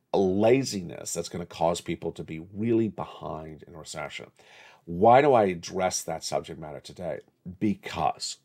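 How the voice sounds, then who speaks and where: A middle-aged man hosting his own channel, giving blunt economic commentary straight to viewers and laughing as he scolds them. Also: low-pitched. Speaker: channel host. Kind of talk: direct-to-camera economic commentary.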